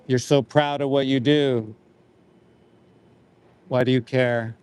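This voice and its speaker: A man's voice: mid-range voice, steady tone, takes it slowly, darkish tone, clear, resonant tone. A man in his forties, an activist livestreaming outdoors by a roadside, speaking in a somber, indignant way with short repeated phrases. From Canada. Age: 40s. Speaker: animal rights activist livestreaming. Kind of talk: live outdoor commentary.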